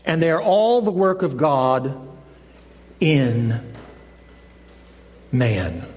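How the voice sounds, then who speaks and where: A man's voice: a little high, very animated, extremely slow, a little mellow. A man preaching a sermon in a folksy storytelling way. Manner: folksy storyteller, acts out voices in the joke. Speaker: pastor. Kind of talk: sermon with a told joke. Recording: long reverb of a church hall.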